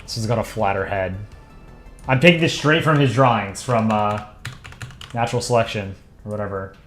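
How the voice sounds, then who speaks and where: A man's voice: fairly low pitch, normal speed, fairly bright tone. A man hosting a drawing livestream, chatting offhand and rambling as he thinks aloud, with the odd chuckle. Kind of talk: casual livestream chat while drawing. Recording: roomy echo with faint music behind.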